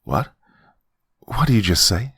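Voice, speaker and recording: A man's voice: low voice, animated, takes it slowly, breathy edge, no echo, exaggerated voice. Man reading as a scared young woman, stammering and panicked, dry close sound. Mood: shocked. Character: frightened young woman caught in a haunted house.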